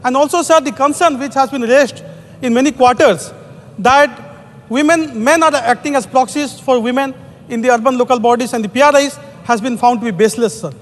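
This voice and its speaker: Brief: Indian-accented male legislator, high voice, formal, long chamber echo. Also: brisk. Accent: Indian English. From Odisha, India. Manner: formal, peppers every phrase with "sir". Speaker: member of parliament. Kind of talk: parliamentary speech. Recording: long reverb of a large chamber.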